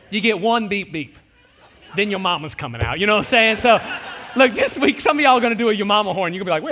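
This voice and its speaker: A pastor preaches in a large church. His voice sits high and bright, and he keeps it animated, joking and acting out little voices as he goes. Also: fast. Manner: animated, jokey, acts out voices. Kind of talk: sermon.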